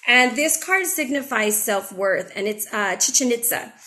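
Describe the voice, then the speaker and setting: A young adult woman talks through a tarot spread in a loose, chatty way. She is frank and a little emotional. Her voice sits somewhat high for a woman. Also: expressive, a little slow, bright, forceful tone. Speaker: tarot reader and channel host. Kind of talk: casual spiritual chat with tarot reading.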